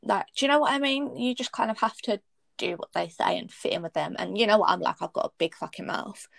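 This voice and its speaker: Gravelly young woman, blunt. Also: mid-range voice, expressive, quick pace, no room sound. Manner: candid storytelling, blunt and swearing. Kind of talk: casual chat.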